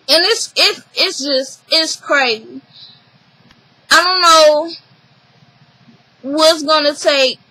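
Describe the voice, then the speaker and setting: A young woman talks through a reality show episode in a casual vlog, high in pitch and unhurried. She acts out what others said with animated emphasis, and her voice is bright and close to the mic in a dry room. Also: no room sound, low-quality recording. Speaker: reality TV recapper.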